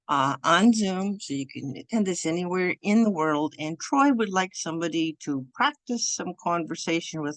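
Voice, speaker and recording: A woman teaching an online beginners' language lesson over Zoom while sharing her screen, speaking in a loose, halting way with frequent restarts. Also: lowish voice, no room sound. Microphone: computer mic over Zoom.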